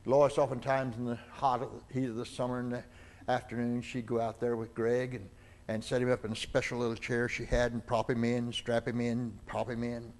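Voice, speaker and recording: Older man, preacher, sermon story, middle pitch, acts out the voices. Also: little pitch movement, fairly quick. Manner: acts out dialogue in the story, with rises and falls in loudness. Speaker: pastor. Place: church sanctuary.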